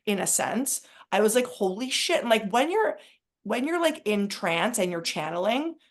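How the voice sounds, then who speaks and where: A woman's voice: medium pitch, moderate pace. Woman podcast co-host, chatty and rambling, casual spiritual talk. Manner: rambling and excitable, heavy use of "like".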